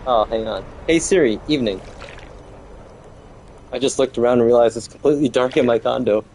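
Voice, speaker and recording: While he plays, a man in a mid-range voice chats loosely and rambles to his stream viewers at a fairly quick clip. Some light background noise is present.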